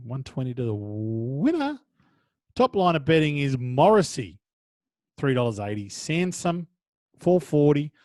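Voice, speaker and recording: A man with an Australian accent co-hosting a casual horse racing tips podcast, chatty and joking, trailing off quieter at the end of thoughts. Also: medium pitch, no room sound. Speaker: podcast co-host.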